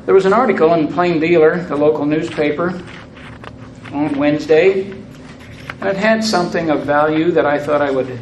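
An older man speaking to a congregation, telling stories and reading aloud at a measured, unhurried pace, his phrases trailing off softly. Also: a little high, roomy sound, a little hiss or hum, low-quality recording. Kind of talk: storytelling talk with reading aloud.

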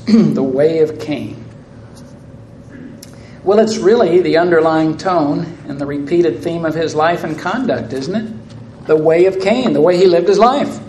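A man preaching a sermon, speaking deliberately and posing rhetorical questions to his listeners, in a church hall. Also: fairly high pitch, darkish tone, slight background noise. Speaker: pastor. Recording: roomy echo.

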